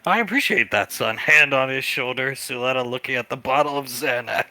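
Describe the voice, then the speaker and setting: A man's voice: mid-range voice, pushed and bright, no room sound, faint music behind. A young man playing a tabletop role-play game, chatting playfully in and out of character. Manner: playful, quick asides and laughing. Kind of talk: casual role-play chat and in-character talk.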